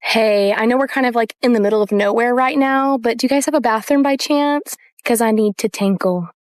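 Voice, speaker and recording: A woman's voice: fairly high pitch, steady tone, a little fast, dry recording, studio quality. A woman in a comedy skit, prissy and exasperated.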